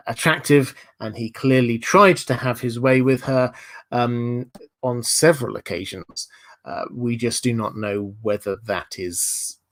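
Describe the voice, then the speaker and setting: A man hosting a live-streamed lore discussion, explaining theories in a thoughtful, analytical way and answering viewer chat. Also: mid-range voice. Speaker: livestream host.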